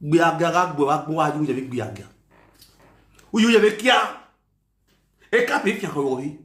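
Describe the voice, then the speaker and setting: A Nigerian man with an Edo accent hosting an online talk show, ranting with insults, mocking chants and shouts. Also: a little high, lively intonation, brisk, echoey room. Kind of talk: ranting commentary.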